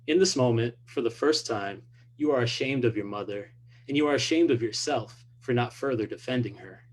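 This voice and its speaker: A man, an author, reading his own fiction aloud in a measured, deliberate way at a public event. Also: mid-range voice, a little hiss or hum.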